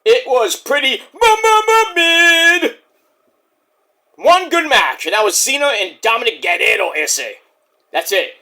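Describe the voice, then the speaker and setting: A man hosting a casual, profane wrestling review, jokey and animated, who keeps breaking into impressions. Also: high voice, normal speed, breathy edge. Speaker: wrestling reviewer, channel host.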